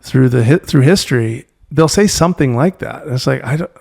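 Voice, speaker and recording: A man guest on an interview podcast, speaking reflectively and halting often to search for words. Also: medium pitch, lively intonation, gravelly, darkish tone. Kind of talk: reflective conversation.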